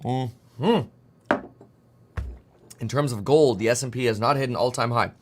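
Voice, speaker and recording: Over a noisy background, a mid-range male voice hosts a loose live stream about the markets; he's in his thirties. He talks quickly and rambles, joking and narrating to himself as he clicks through charts.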